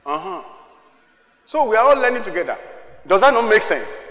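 A male pastor preaches in a sharp, forceful voice that sits high for a man. He works the congregation with call-and-response, sliding from quiet asides up to shouting. The sound is roomy, with reverb trailing off in a large hall. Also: sing-song, moderate pace. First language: Yoruba. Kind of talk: sermon. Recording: echoey hall with long reverb.

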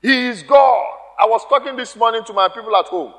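A man's voice: extremely high pitch, a little fast, fairly bright tone, in a large hall. A man preaching a sermon, emphatic, repeating key phrases and calling out to the congregation.

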